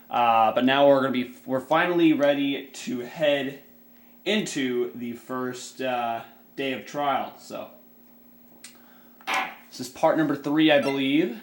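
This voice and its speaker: A young man with a raspy voice, casually chatting and reading game dialogue aloud as let's play host. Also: mid-range voice, a little slow. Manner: chatty, rambling, self-correcting. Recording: echoey room with game music.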